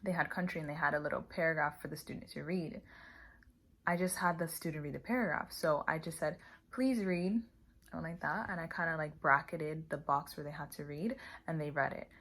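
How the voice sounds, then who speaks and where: A young woman casually explaining online teaching tips, acting out slow, clear classroom phrases. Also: low voice, fairly even intonation, fairly bright tone. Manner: chatty, demonstrates teacher phrases slowly and clearly. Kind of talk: casual tutorial vlog.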